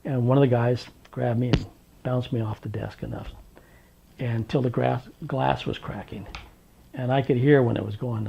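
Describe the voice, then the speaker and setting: A man from Washington state recounting his past in an oral history interview, unhurried and wry, with plenty of ums and uhs. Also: medium pitch, steady tone, vocal fry, lo-fi sound, slight background noise. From Tri-Cities, Washington, USA. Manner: unhurried, wry storytelling with many fillers.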